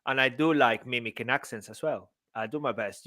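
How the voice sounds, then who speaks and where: A man's voice: medium pitch, fairly quick, bright, forceful tone. A man, a Spanish speaker, cohosting a podcast in playful casual banter and often repeating his words. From Venezuela. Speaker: podcast co-host.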